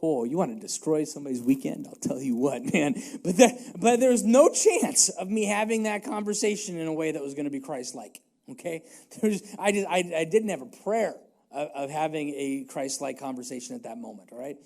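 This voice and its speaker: A man's voice: on the high side, brisk, darkish tone. A male pastor giving a conversational, self-deprecating sermon in a church, hammering home short repeated catchphrases. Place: church sanctuary.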